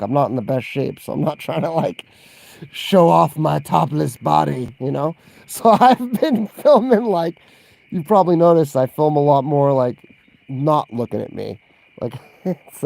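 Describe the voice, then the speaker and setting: In a relaxed livestream Q&A, a vlogger fields viewer questions, chatting and rambling, laughing frequently, and reacting to live chat. His voice is warm, slightly high, and has some vocal fry.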